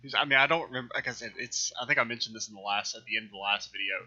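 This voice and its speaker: A man's voice: mid-range voice, very fast, sharp tone, dull audio. A man hosting a let's play, giving casual, rambling, self-deprecating gameplay commentary.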